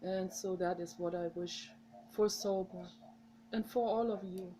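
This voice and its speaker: A woman's voice: mid-range voice, steady tone, unhurried, mellow, a little hiss or hum, poor audio. A woman with a mother tongue, talking straight to her viewers in a rambling, heartfelt, encouraging way. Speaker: vlogger. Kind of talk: casual direct-to-camera monologue.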